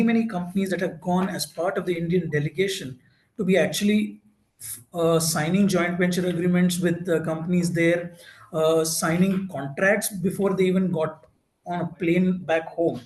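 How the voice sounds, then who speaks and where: A man's voice: high voice, steady tone, moderate pace, roomy sound, low-quality recording. A man giving an informal presentation at an info session, talking with many fillers and restarts.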